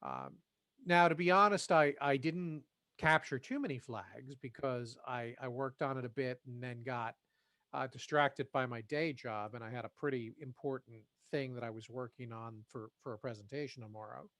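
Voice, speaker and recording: A man's voice: mid-range voice, normal speed, fairly bright tone, no echo. Man chatting on a podcast, dry mic. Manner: hesitant, self-deprecating, with restarts. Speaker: podcast co-host. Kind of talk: casual chat.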